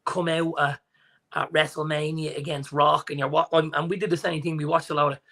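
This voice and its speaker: An Irish man in his forties, chatting as a podcast co-host. His voice sits a little high, and he tells stories with energy, playing out the lines of the people he quotes. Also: a little fast. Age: 40s. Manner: animated storyteller, acts out quotes. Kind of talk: casual chat.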